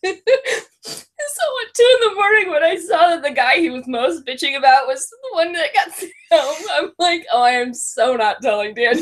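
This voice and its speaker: A woman's voice: very high voice, normal speed. A middle-aged woman co-hosting a casual chat about reality TV, telling stories with lots of laughter. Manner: giggly, animated storytelling. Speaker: co-host.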